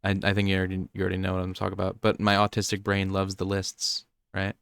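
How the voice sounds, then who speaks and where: A man's voice: low-pitched, completely flat delivery, quick pace, vocal fry, a bit bright, clean tone, dry recording, studio quality. A young man co-hosting a podcast, rambling through nerdy topics in casual chat and often restarting his sentences. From United States. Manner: rambling, nerdy, self-interrupting. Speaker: podcast co-host.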